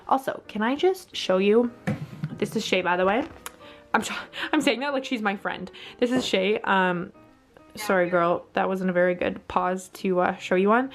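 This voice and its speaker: A young woman chatting casually to camera in a home vlog, rambling with lots of fillers. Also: mid-range voice. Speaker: vlogger. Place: bedroom at home.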